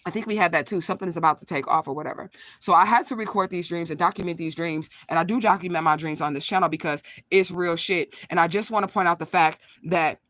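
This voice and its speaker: Rapid-fire, profane spiritual vlogger. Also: medium pitch, a bit bright, no echo. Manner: blunt, profane, emphatic retelling; talks straight to viewers, reacts to live comments. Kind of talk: casual livestream storytelling.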